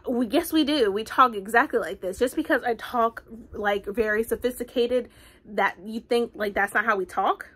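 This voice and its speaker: A woman reviewing a book in a casual vlog, talking in a chatty, rambling way full of fillers, with animated asides. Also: on the high side, moderate pace, breathy edge. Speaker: book vlogger.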